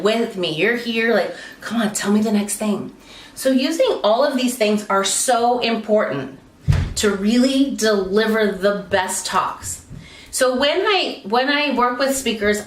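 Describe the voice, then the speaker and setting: Woman coaching, roomy distant sound. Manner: demonstrates pitch changes, swooping between high and low tones. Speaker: speaking coach. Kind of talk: instructional talk. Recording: roomy, slightly distant mic.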